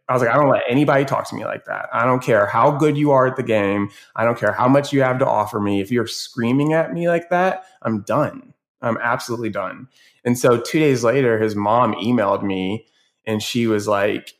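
Male educator guest, deeper voice, lively anecdotal talker. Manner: animated storyteller, quotes kids in raised voices. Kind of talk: casual podcast conversation.

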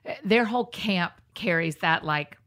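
A woman's voice: lowish voice, lively intonation, normal speed, a bit bright, no echo. A woman hosting a podcast, chatty and effusive as she talks to her guest and listeners. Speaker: podcast host. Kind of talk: casual podcast interview and outro.

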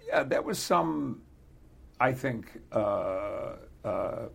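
Older British actor guest, gravelly, halting, chuckly; casual interview talk. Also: male voice, mid-range voice, lively intonation, fairly bright tone.

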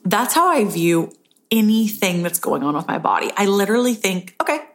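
A woman hosts a casual solo podcast on self-love, speaking earnestly in a self-help tone and often ending points with "right?". Her voice is expressive at a moderate pace, and she acts out inner voices in a higher pitch.

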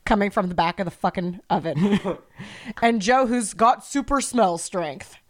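A woman's voice: medium pitch, a little slow. A woman co-hosting a podcast, ranting heatedly and swearing freely in casual chat. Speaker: podcast co-host.

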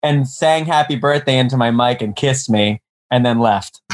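A man's voice: mid-range voice, moderate pace. A young man from Baltimore, a guest on a podcast, chatting in a friendly, self-deprecating way. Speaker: guest, actor and musician. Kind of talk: casual chat.

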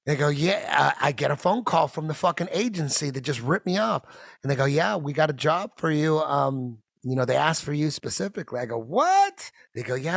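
A man's voice: a little high, vocal fry, breathy edge, no echo, clean studio sound. A man hosting a podcast, telling a casual comedic story full of swearing and acting out the voices of the people in it. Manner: profane, animated storyteller who acts out the voices of others. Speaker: podcast host.

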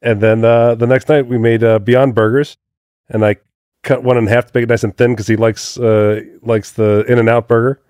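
A man's voice: mid-range voice, little pitch movement, moderate pace, a little mellow, smooth, dry recording, studio quality. A man co-hosting a podcast, chatting casually and acting out quotes as he tells a story. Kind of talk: casual chat.

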